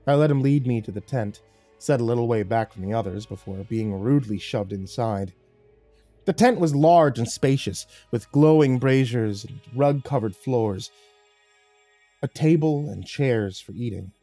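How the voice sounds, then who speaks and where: A man's voice: medium pitch, animated, moderate pace, warm tone, no room sound, faint music behind. A man narrating a first-person horror story in a dramatic, scripted telling.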